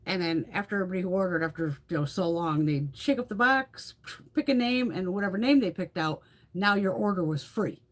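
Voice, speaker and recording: A woman's voice: on the low side, brisk. A middle-aged woman hosting a beauty livestream, chatting casually with viewers, laughing often and swearing freely.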